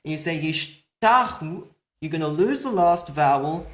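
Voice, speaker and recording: Teacher voice walking through a lesson step by step, drags out the example words, mid pitch. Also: animated, a bit bright. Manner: methodical, slows down to spell out example words. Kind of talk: recorded explanatory lesson.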